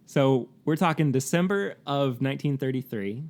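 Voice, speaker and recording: A man's voice: medium pitch, moderate pace, darkish tone. A man co-hosting a casual podcast, talking through facts with many fillers. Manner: chatty, reads facts with frequent fillers and laughs. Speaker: podcast co-host. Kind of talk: casual chat.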